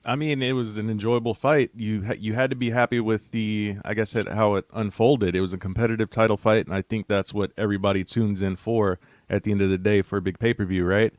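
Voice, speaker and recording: Brief: lowish male panelist, relaxed analysis, dry sound. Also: brisk, few pauses, no echo. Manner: thoughtful, hedging with fillers. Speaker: panelist, writer. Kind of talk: casual sports analysis.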